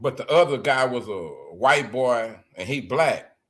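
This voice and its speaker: A man hosting a live reaction stream, talking loudly and crudely to his viewers in animated banter. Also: medium pitch, unhurried. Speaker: livestream host.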